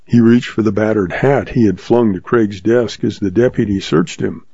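A man narrating a western story in a steady, measured reading. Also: on the low side, creaky, husky, dry recording. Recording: dull lo-fi sound.

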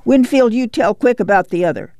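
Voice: medium pitch, a little fast, darkish tone, no echo, studio quality, voice pushed up, close to an everyday voice. A reader voicing a weary, worried middle-aged farm mother who gives firm orders in rural dialect. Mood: urgent.

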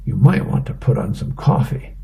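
A man's voice: medium pitch, sing-song, moderate pace, gravelly, dark tone, a little hiss or hum. A man reading a comic aloud, voicing a stubborn schoolboy in an earnest, determined way.

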